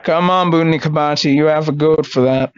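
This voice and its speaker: A man making a prank call, taunting and insulting the person on the line with drawn-out mocking phrases. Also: on the high side, fairly even intonation, clear, resonant tone. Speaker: prank caller. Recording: muffled lo-fi recording.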